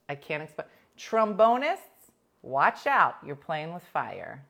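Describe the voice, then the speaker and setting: A woman's voice: deep voice, slow, creaky. A woman co-hosting a talk show, telling stories in casual chat with lots of "like". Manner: animated storytelling, heavy use of "like".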